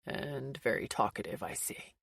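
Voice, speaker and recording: A man's voice: medium pitch, expressive, normal speed, creaky, a bit bright, husky, no echo, clean studio sound, pitched below the performer's own voice, full character voice. A woman voicing a cocky, lazy teenage older brother with a growly, teasing drawl.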